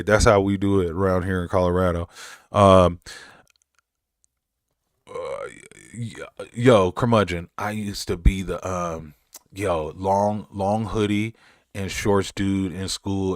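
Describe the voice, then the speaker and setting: Low-voiced man chatting loosely on stream. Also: no room sound, studio quality. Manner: rambling, chuckling, self-mocking dad jokes. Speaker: streamer reading live chat. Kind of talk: casual livestream chat.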